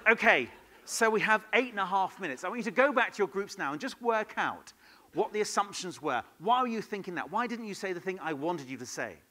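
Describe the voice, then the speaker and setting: Workshop leader, man, bright and sharp voice, playful and quick with the crowd. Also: high-pitched. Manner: lively, playful, questions the audience. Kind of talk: conference workshop talk. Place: conference hall.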